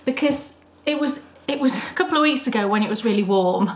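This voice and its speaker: A British woman co-hosting a knitting podcast, chatting and gushing warmly over her projects. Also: a little high, lively intonation, brisk. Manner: chatty and enthusiastic, gushing praise. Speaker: podcast co-host. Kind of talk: casual chat. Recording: roomy echo.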